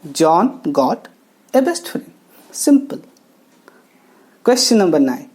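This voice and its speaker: A woman teaching English grammar, talking slowly and explaining each step with pauses. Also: fairly low pitch, very animated, a little mellow. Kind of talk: classroom lesson narration. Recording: faint background music.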